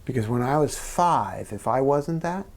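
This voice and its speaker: Middle-aged man, earnest storyteller, gravelly, mid-pitched, soft asides. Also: lively intonation, unhurried. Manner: earnest storyteller, drops to near-whisper at times. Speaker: guest speaker. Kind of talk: onstage conversation. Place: small members' club event room.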